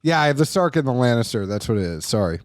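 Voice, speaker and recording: A man's voice: medium pitch, sing-song, quick pace, dry recording, clean studio sound. A man hosting a podcast in casual chat, rambling and self-deprecating. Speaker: podcast host.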